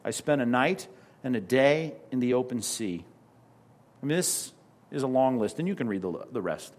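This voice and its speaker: A middle-aged man preaching a sermon as pastor, animated, with sudden drops to a hush and mocking asides. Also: medium pitch, normal speed.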